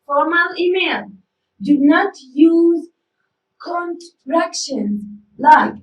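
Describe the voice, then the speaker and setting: A woman's voice: very high voice, expressive, drawn-out words, recorded from a distance, highs cut off. A woman whose first language is Arabic teaches an English lesson, repeating key words and asking the class rhetorical questions. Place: school studio. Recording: echoey room, voice from off-mic.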